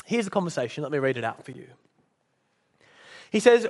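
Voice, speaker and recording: A man delivers a sermon in an earnest, storytelling manner and sometimes restarts his phrases. His voice is high for a man. The sound has a long reverb, as in a church hall. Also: sing-song, brisk, long pauses, a little mellow. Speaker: preacher.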